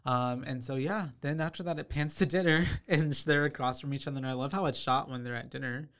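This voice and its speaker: A woman's voice: very deep voice, a little fast. A woman co-hosting a horror movie podcast, recapping scenes in casual chat and agreeing often with upbeat slang. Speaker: podcast co-host.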